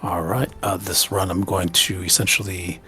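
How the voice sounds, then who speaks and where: A man playing a tabletop board game, laying out his plan steadily with many pauses. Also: deep voice, little pitch movement, sharp tone, faint music behind. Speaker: player.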